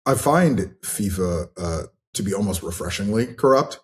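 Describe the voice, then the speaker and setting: Lower-voiced man ranting animatedly. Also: moderate pace. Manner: animated, exasperated rambling. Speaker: podcast cohost. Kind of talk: casual podcast chat.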